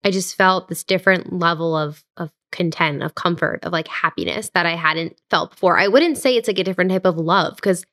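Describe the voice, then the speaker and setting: Young woman, co-host, low voice, soft, earnest, casual chat, studio mic. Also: brisk, few pauses. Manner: soft, earnest, drifting near a whisper. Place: recording studio. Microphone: studio microphone.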